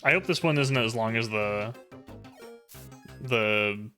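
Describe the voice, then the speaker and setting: A man streaming a game, chatting casually with jokes, swearing and excited outbursts. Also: on the low side, slow pace, soft background music. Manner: joking, excitable, swears often. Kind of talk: casual let's-play commentary.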